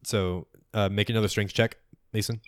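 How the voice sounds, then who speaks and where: A man narrates a tabletop game as its game master, setting the scene and calling the dice. His voice sits low, and the recording is dry and close. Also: fairly even intonation, normal speed, no room sound.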